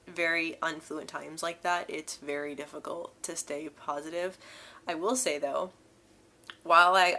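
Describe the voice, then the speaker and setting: A young woman talks straight to her viewers in a casual, candid way. Her stutter shows as repeated syllables and blocked words. Her voice sits a little low for a woman. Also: sharp tone. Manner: candid, laughs between phrases. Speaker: vlogger. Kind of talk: casual storytelling to camera.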